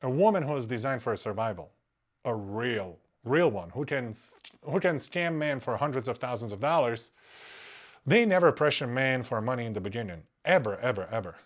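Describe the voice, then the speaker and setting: A dating coach talking bluntly and crudely on a live stream while reading a story aloud. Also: male voice, mid-range voice, lively intonation, normal speed. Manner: blunt, crude and mocking asides.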